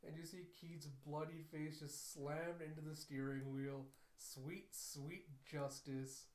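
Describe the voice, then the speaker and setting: Animated man recapping anime, echoey. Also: a little high, slow, hardly any pauses. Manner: animated storytelling, laughs at cute moments. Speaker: anime reviewer. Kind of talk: episode recap and reaction. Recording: echoey room.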